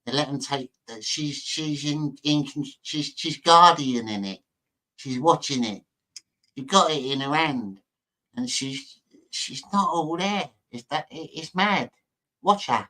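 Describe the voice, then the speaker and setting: A man talks over a video he is watching in a loose, mocking, rambling way. His voice is bright and forward, and he trips over his words as he jokes. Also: on the high side, expressive, measured pace. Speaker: host reacting to a video. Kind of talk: casual reaction commentary.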